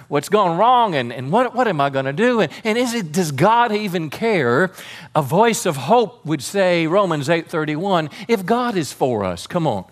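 A man preaching a sermon as pastor, fervent and calling on the congregation to respond. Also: fairly high pitch.

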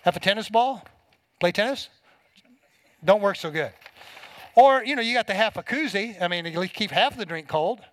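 A man with a high voice preaching a sermon in a folksy, emphatic way, leaning on homespun examples. He sounds middle-aged, and the sound is dry and close, with little room around it. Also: animated, normal speed, long pauses, a bit bright, no echo, low-quality recording. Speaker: pastor.

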